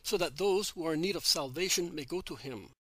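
Guy reading a kind earnest apostle man, bright slightly high voice. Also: a little fast, no room sound. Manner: kind, patient and explaining. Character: earnest male apostle, gentle and devout.

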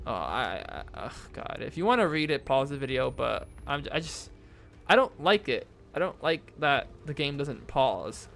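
Young man, gravelly voice, a bit high, nervous gaming commentary, lots of fillers. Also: sing-song, a little slow, a bit bright, slight background noise. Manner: jumpy, nervous chatter with frequent fillers and frightened exclamations. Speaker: gaming YouTuber. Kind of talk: horror game let's play commentary. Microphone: desk mic with face cam.

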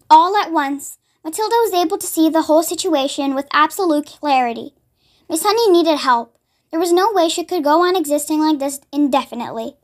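Woman reading a kids' novel out loud, steady clear voice, pretty high. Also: a little fast. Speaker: storybook reader. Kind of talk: reading a children's novel aloud.

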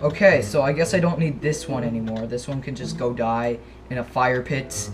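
A young man giving casual, excitable commentary over his own gameplay, gasping and yelping when startled. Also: mid-range voice, moderate pace, background noise. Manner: jumpy, excitable, yelps and gasps when startled. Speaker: gaming channel host.

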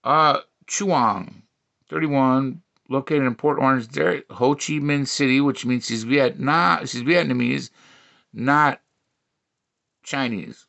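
A man's voice: medium pitch, vocal fry, bright, forceful tone. A man in his forties from Milwaukee, riffing crudely and mockingly on dating profiles. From Milwaukee, USA. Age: 40s. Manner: profane, mocking, quick asides. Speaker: comedy vlogger.

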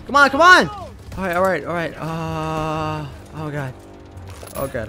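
A man giving excitable let's play commentary, yelling and repeating words in bursts, a bit hoarse from shouting. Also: fairly high pitch, moderate pace. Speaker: gaming video creator. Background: game music and gunfire.

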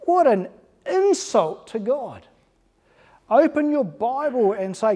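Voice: medium pitch, sing-song, takes it slowly, long pauses, mellow. A pastor preaching an earnest, emphatic sermon in church, asking the congregation rhetorical questions.

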